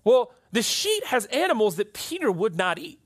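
Man, pastor, conversational sermon, high voice, very animated pitch. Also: moderate pace. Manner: conversational, keeps asking "right?". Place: church hall with an audience.

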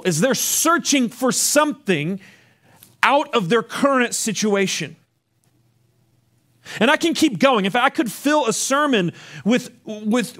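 A male pastor delivers a sermon with an unusually high voice. His pitch swings widely as he preaches, and he often repeats words when he restarts a thought. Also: a bit bright.

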